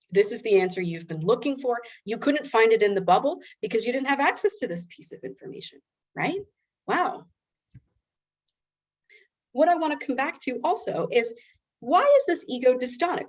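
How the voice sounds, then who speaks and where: Candid woman presenter on muffled webinar audio. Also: on the high side. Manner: candid, self-mocking, conversational. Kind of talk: webinar presentation told as a personal story. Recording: slightly dull lo-fi webinar audio.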